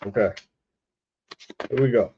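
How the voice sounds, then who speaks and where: A man's voice: medium pitch, measured pace, warm tone, husky. A man hosting a podcast, giving an informal religious lesson while sharing his screen. He spells out letters one by one and keeps asking his listeners rhetorical questions. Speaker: podcast host teaching scripture. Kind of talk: informal religious teaching over a screen share. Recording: dull lo-fi stream audio.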